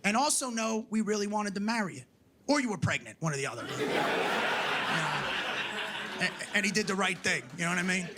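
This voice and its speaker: A male stand-up comedian with a high voice works a club stage, brash, profane and mocking, shouting for his punchlines. The live room noise of the crowd is clearly audible under his handheld mic. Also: fairly quick, pauses often.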